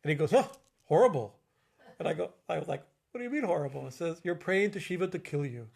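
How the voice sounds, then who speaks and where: Halting, chanting older-sounding swami. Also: male voice, on the high side, expressive, vocal fry, noisy background. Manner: halting, many fillers and restarts, tag questions; chants Sanskrit verses slowly. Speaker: swami giving a discourse. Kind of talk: religious discourse on worship. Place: temple.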